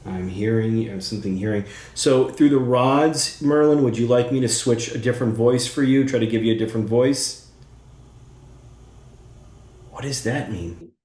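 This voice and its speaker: A man's voice: medium pitch, normal speed, a little mellow, a little hiss or hum. Eager male psychic medium, echoey room. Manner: eager, thinks aloud, many fillers. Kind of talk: spirit session, talking to a spirit.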